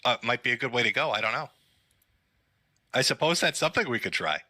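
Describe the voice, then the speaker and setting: A man hosting a live stream with sarcastic, mocking commentary. His voice is very bright and swings widely in pitch. It is recorded close and dry. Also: lively intonation, brisk, dry recording. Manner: sarcastic, mocking, laughs often.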